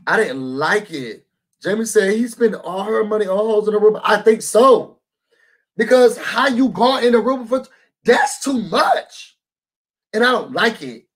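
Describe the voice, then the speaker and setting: A man with a high, husky voice gives a casual recap of a reality show. He is sassy and animated and talks straight to his viewers as y'all. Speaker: YouTube host reviewing a reality show.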